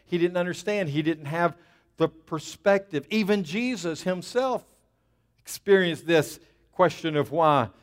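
A man's voice: fairly high pitch, expressive, unhurried. A man preaching a sermon, emphatic and plainspoken, dropping asides to the congregation. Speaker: pastor.

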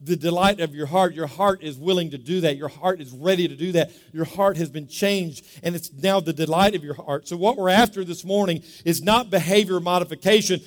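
A man's voice: on the high side, a little fast, few pauses. A man preaching a sermon as pastor, talking in a conversational way, repeating words and asking the congregation to say them back. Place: church sanctuary. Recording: long reverb of a large hall.

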